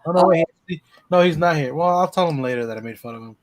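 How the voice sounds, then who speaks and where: A man's voice: fairly high pitch, quick pace, a crowd in the background. Man rambling in casual chat. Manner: conversational, loose and rambling.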